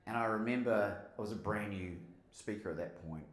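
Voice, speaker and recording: An Australian man from Melbourne, a motivational speaker and podcast host, gives an animated live keynote and tells stories while asking the audience questions. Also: on the low side, brisk. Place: conference hall with a live audience. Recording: roomy hall sound.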